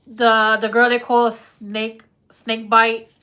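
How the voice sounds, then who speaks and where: Woman tarot reader, casual live stream, bright higher voice, chatty and playful. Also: completely flat delivery, slow pace. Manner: chatty, laughs often, slangy.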